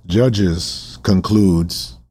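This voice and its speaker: A man hosting a Bible-reading podcast, emotional and passionate, who repeats rhetorical questions and swings between urgent and hushed delivery. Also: low-pitched, drawn-out words, husky. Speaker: podcast host.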